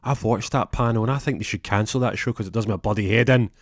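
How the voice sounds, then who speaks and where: A man's voice: lowish voice, fast talker, dry recording, studio quality, close to an everyday voice. Guy doing a full-of-himself young detective, goes off on tangents. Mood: rambling. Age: 20s. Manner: pompous, rambles off topic. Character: self-important young male detective, rambling.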